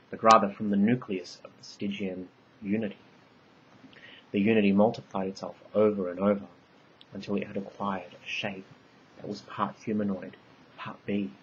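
A man reading his own story aloud in measured, ornate narration. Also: fairly low pitch, a bit bright, lo-fi sound, slight background noise.

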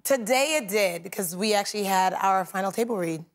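A woman in her thirties from Nigeria, a guest on a talk show, telling animated stories and laughing often. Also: medium pitch, a little fast.

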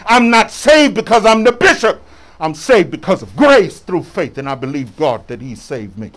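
A man's voice: high voice, very animated, moderate pace, fairly bright tone. A man preaching a sermon as a bishop, colloquial and preacherly, calling out to his congregation for responses.

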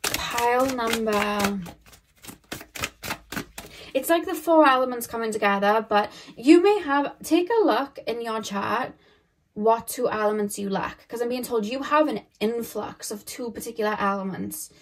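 A young woman talks through a tarot reading in a loose, chatty way, her voice sitting a little high. She rambles from thought to thought, laughs easily and slips into quick acted-out voices for the people she describes. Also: animated. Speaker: tarot reader. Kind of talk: casual tarot reading to camera.

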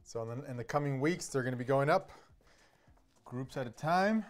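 A man hosting a relaxed chat show, talking in an easygoing, offhand way. His pitch swings around a lot as he talks. He sounds like he's working with his hands while he chats. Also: moderate pace. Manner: lively, easygoing, bursts out loudly when hurt. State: nursing a sore finger. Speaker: show host. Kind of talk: casual chat while putting names on a wall.

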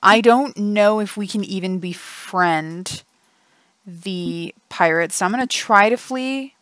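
A woman's voice: mid-range voice, slow pace, fairly bright tone, no room sound, studio quality. A woman hosting a casual let's play, chatty, laughing often and thinking aloud. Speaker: gaming channel host. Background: game music.

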